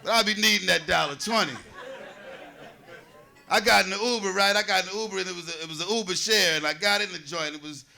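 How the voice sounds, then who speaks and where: Jersey guy in his 40s doing standup on a handheld mic, bright punchy voice, chatty. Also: sits high, fast, creaky, faint music behind. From New Jersey. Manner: loose, conversational, riffs with the audience. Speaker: stand-up comedian. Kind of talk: stand-up comedy set. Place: comedy stage.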